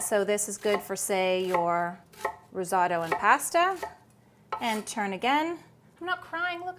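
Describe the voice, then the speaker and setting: A woman's voice: mid-range voice, a bit bright, slight background noise. A woman hosting a cooking demonstration, chatty and upbeat with playful asides. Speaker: cooking show host.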